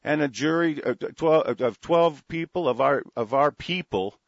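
A man delivers a furious, profane rant, his voice sitting a little high and stumbling over restarts. The sound is dull and muffled with no room echo. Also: moderate pace. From United States. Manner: angry, profane, repetitive with frequent restarts. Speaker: political commentator. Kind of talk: ranting monologue to an audience.

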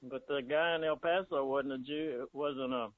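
A man chiming in quietly with a casual remark. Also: medium pitch, fairly even intonation, moderate pace, no room sound. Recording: tinny phone-like line.

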